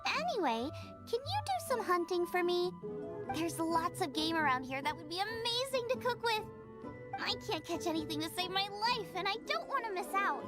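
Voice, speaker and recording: A woman's voice: extremely high pitch, big pitch swings, normal speed. An actress voicing a cheerful, adventurous young female chef who talks in a bubbly, eager, chatty way. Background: game music.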